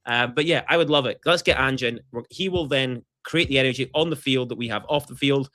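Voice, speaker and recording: A Scottish man co-hosting a podcast in casual chat, animated and joking, swearing freely. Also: medium pitch, a little fast. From Scotland. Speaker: podcast co-host.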